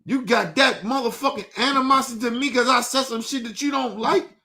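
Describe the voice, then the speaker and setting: A man's voice: very high voice, a little fast, sharp tone. A young man on a livestream, ranting heatedly and profanely, repeating himself as he vents. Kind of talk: livestream rant.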